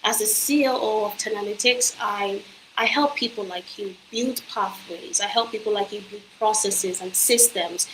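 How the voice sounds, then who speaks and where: An earnest woman at a mid pitch delivers a motivational talk to the listener, coaching them on careers. Her voice rings in a reverberant room. A faint hum of ambience sits behind her. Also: fairly bright tone. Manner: earnest, persuasive direct address. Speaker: company executive and career coach.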